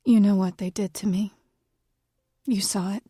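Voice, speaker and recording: A weary, guarded young woman, played by a woman, speaks in a whispered role-play for a romance audio story. Her voice is breathy and dark-toned, held very close to the mic in a dry space. She stays hushed and quietly defiant. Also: medium pitch, a little slow, dry recording. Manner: soft, hushed delivery.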